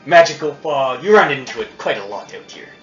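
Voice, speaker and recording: A man's voice: mid-range voice, lively intonation, fairly quick. A man narrating as game master at a tabletop game, chatty and casual, recorded on a phone. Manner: casual, chatty, laughs often. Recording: roomy, dull phone recording with music.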